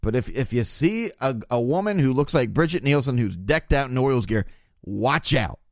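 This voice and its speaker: A man's voice: medium pitch, animated, a little fast, dry recording, clean studio sound. A male podcast host telling a profane, laugh-filled anecdote in a casual storytelling style.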